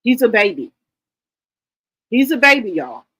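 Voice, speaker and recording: Earnest, halting woman livestreamer. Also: fairly high pitch, big pitch swings, a bit bright, breathy edge, poor audio. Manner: halting, earnest, full of "you know" and "y'all". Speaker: livestream host. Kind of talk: casual chat with viewers.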